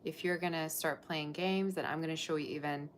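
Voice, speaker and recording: A woman's voice: sits low, fairly even intonation, fairly quick, a little hiss or hum. A woman reading tarot on a live stream, gushing over her viewers and chatting loosely between cards. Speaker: tarot reader.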